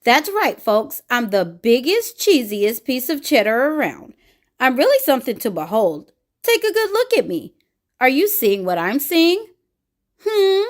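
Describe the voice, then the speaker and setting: A woman doing a pompous bragging cheese. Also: fairly high pitch. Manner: pompous, showy, drawn-out bragging. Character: boastful showbiz cheese craving attention. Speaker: children's book reader. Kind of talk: picture book read-aloud.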